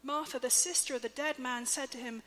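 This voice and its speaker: A woman in her thirties preaching a sermon, slow, measured and emphatic, with soft quiet dips. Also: high voice, steady tone. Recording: long hall reverb, faint hum.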